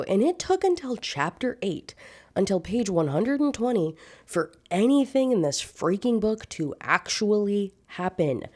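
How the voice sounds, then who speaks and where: A woman's voice: low-pitched, mellow. A young woman reviewing a book in a casual rant, sarcastic and exasperated, swearing freely.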